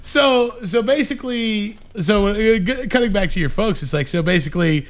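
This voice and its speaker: A man hosting a podcast, reacting to a guest with drawn-out interjections in casual chat. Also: sits high, lively intonation. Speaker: podcast host.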